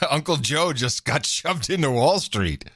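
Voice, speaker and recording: Man, grew up in Europe, podcast co-host, casual chat, laughs a lot, lively pitch. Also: unhurried, husky, dry recording, studio quality.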